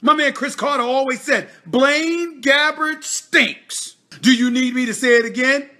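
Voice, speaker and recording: Male sports commentator at home. Loud, emphatic and theatrical, with a bright, forceful tone. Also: very high voice, fairly even intonation, a little fast. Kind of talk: casual rant.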